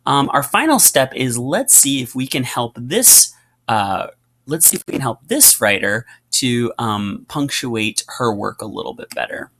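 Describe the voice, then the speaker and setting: A man teaching a writing lesson, explaining patiently with frequent fillers and reading example passages aloud with lively emphasis. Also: medium pitch, measured pace.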